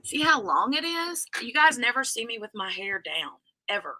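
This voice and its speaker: A woman's voice: a little high, sing-song, normal speed, sharp tone. A woman hosting a casual live stream, chatting and greeting viewers by name. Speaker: livestream host.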